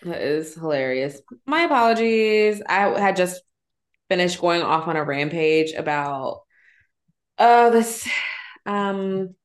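A woman's voice: on the low side, lively intonation, slow pace. A woman co-hosting a podcast in casual chat, blunt and sarcastic, swearing now and then. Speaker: podcast co-host.

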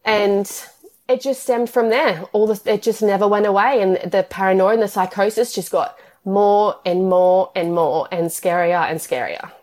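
Woman, 30s, interview guest; earnest, rambling, mid-pitched delivery. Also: steady tone, moderate pace, a little mellow. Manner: earnest, tumbling run-on storytelling with many "like"s. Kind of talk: emotional personal interview.

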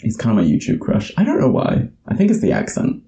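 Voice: medium pitch, huge pitch swings, fast, creaky, mellow, lo-fi sound, slight background noise. A podcast host casually recapping a film scene by scene, swearing freely and acting out their own reactions.

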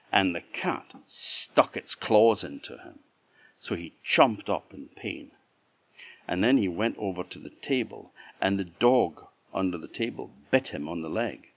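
A man with an Orcadian Scottish accent telling a traditional folk tale in an unhurried, sing-song way with repeated refrains. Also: low voice, gravelly, fairly bright tone. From Orkney Islands, Scotland. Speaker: traditional storyteller. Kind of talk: oral folk-tale storytelling. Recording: dull lo-fi recording.

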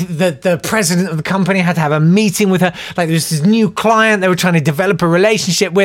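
A podcast host with a high voice talks fast, barely pausing, with no echo on the recording. He casually tells a story about himself and reads listener emails aloud, staying animated and self-deprecating while acting out the voices in his anecdotes.

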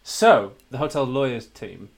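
A man's voice: medium pitch, very animated, measured pace, gravelly. A man casually telling a true-crime story to two co-hosts in a podcast chat.

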